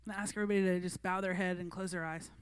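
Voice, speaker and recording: A woman's voice: on the low side, fairly even intonation, racing, smooth, no echo. A woman preaching a sermon to a youth group in an earnest, conversational way. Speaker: youth pastor.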